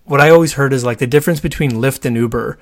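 A man co-hosting a casual chat, animated and talkative, acting out quoted voices in his stories. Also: medium pitch, fast, no echo, studio quality. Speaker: podcast co-host.

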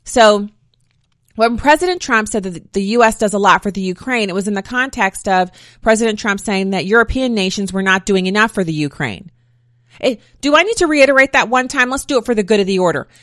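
A woman's voice: medium pitch, expressive, brisk, fairly bright tone, no echo. Woman, opinionated talk-show host, close dry mic, mid voice, snarky asides. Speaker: podcast host. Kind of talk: political commentary podcast.

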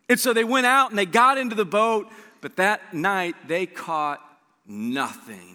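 A male pastor preaching a sermon, animated, his voice leaping up for emphasis and acting out the people in his stories. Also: high-pitched, a little slow. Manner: acts out quoted dialogue. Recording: long hall reverb.

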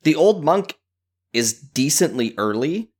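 A man who is a father, co-hosting a casual gaming podcast and telling relaxed, keen stories about his play. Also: a little high, takes it slowly, husky. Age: adult, a parent. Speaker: podcast co-host.

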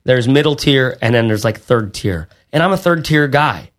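His intonation lively and his pitch medium, a male podcast co-host chats casually at normal speed through the episode and its outro. He rambles, with many fillers and restarts.

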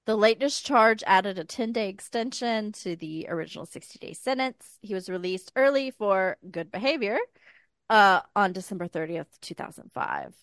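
A woman in her thirties co-hosting a podcast, retelling a life story in casual chat with a smooth public-radio style voice and wry, deadpan asides. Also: mid-range voice, normal speed, no room sound. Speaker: podcast co-host.

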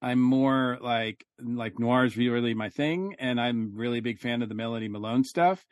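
A man talking casually on a review podcast, rambling through thoughts with lots of ums and restarts. His voice sits at a middle pitch and sounds dry and close to the mic. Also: moderate pace, no echo. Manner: rambling, many fillers and restarts. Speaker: podcast co-host.

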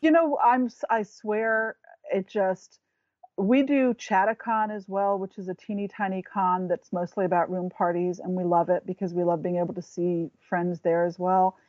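A woman's voice: medium pitch, steady tone, normal speed, no room sound, highs cut off. A woman talking as a guest in a casual chat, rambling and restarting as she searches for words.

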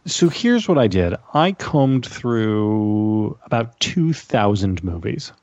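A man with a gravelly, creaky voice is chatting as a podcast guest. He rambles through asides and restarts. He sounds close and dry over a dull, lo-fi line. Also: fairly low pitch, sing-song, takes it slowly, a little mellow, no room sound. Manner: talkative, with many restarts and asides. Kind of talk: casual chat.

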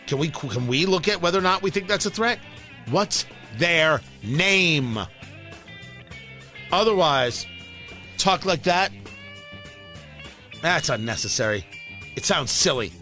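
Emphatic high-voiced talk radio host. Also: male voice, pushed and bright. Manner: emphatic, combative, repeats short demands. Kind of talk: opinionated talk radio monologue. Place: radio studio. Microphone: studio microphone.

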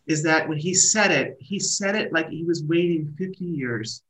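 A middle-aged man, a wedding planner and guest, telling stories in casual conversation with lively restarts and trailing phrases. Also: a little high, moderate pace, slight background noise, low-quality recording. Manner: animated storyteller, trailing restarts.

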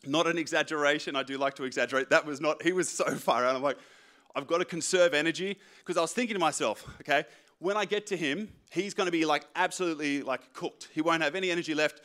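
A young man preaching a sermon, telling a story in an animated, self-mocking way. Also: on the high side, fast talker. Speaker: pastor.

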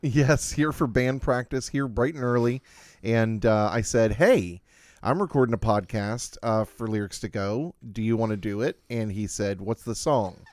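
A man's voice: lowish voice, normal speed, darkish tone. A man hosting a podcast from home, talking in a chatty, rambling way as he tells a story. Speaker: podcast host. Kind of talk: casual podcast chat.

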